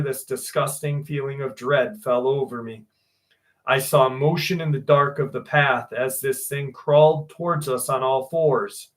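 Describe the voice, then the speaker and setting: A man's voice: mid-range voice, fairly bright tone. A man in his forties hosting a livestream. He chats casually, greets viewers by name, swears freely and reads listener stories aloud. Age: 40s. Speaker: livestream host.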